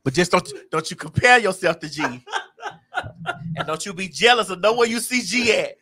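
A woman hosting a casual chat show, telling a story loudly and dramatically and breaking into laughter. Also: medium pitch, lively intonation, moderate pace. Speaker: host.

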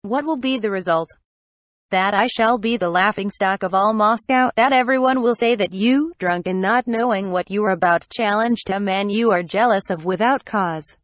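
A woman's voice: medium pitch, normal speed, dry recording, close to an everyday voice. A woman reading as a scornful countess. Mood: stern, scornful. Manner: stern, cold and cutting. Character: proud, scornful countess wife.

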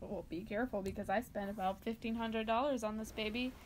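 A woman's voice: a little high, steady tone, a little fast, slight background noise. A woman co-hosting a podcast, reading a horror story aloud in a dramatic way and laughing between lines. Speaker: podcast co-host.

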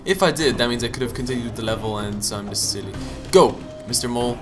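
A young man giving casual gaming commentary, joking, swearing and punning, with sudden loud outbursts. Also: mid-range voice, fast. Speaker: let's play gamer. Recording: game music behind the voice. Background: game music.

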